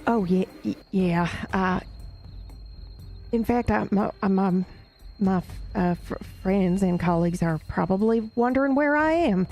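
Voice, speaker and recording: Woman, streamer, western role-play game, nervous halting talk, creaky voice. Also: medium pitch, darkish tone. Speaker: streamer playing a paranormal investigator.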